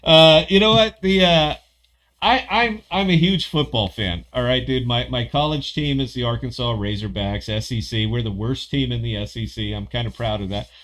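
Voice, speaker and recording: A man hosts a casual livestream podcast, rambling from one thought to the next. He swears freely and gets excited quickly. His voice has a bright, forceful edge. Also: medium pitch. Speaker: podcast host.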